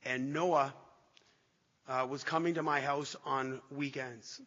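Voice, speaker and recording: A man giving an emotional recovery testimony to an audience, halting and restarting as he speaks. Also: mid-range voice, steady tone, fairly bright tone. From Canada. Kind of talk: personal testimony talk to an audience. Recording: dull echoey hall recording.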